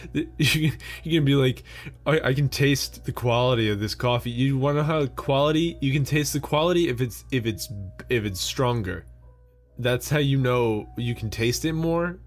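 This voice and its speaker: Young guy ranting alone into a podcast mic, laughs at himself, swears a lot, faint music under it. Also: mid-range voice. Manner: rambling, laughs at his own jokes, swears casually. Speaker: podcast host. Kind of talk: solo rambling podcast monologue.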